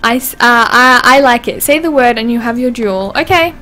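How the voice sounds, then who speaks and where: A woman's voice: on the high side, fairly quick, bright, forceful tone, soft background music. A woman hosting a casual gameplay livestream, chatting and giggling as she reads game dialogue aloud. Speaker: livestream host.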